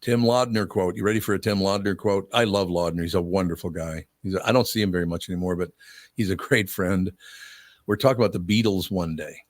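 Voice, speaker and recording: Low-voiced older male radio host. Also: steady tone, fairly quick, dry recording. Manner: storytelling, blunt, laughs easily. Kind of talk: casual radio talk.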